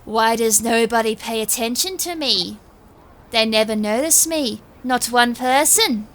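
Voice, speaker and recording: A woman's voice: a little high, a little slow, fairly bright tone. A woman voicing a lonely, ominous ghost girl with a witchy edge. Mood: eerie.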